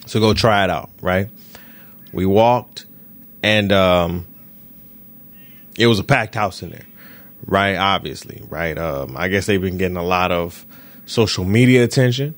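A man hosting his own podcast from home, talking in a casual, slangy, animated way as he tells stories to his listeners. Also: lowish voice. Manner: animated, slangy, chatty storytelling. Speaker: podcast host. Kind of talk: casual solo podcast chat. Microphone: computer mic with echo cancellation.

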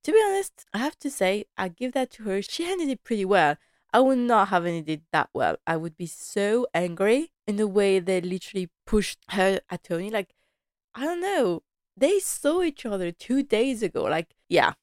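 Chatty woman with a smooth, dry voice. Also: medium pitch, normal speed, dry recording. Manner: chatty and animated, laughing often, slipping into quoted lines. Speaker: podcast host recapping a TV drama. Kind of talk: casual chat.

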